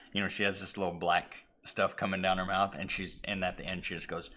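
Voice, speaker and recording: A low-pitched man with a bright, forceful edge to his voice, chatting casually as a stream co-host. He rambles through a story, stopping to act out the characters with yells and hushed whispers. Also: little pitch movement, a little fast, few pauses. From Irish heritage (family, not place). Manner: rambling, acts out lines with shouts and whispers. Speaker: podcast co-host. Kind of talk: casual chat retelling a movie.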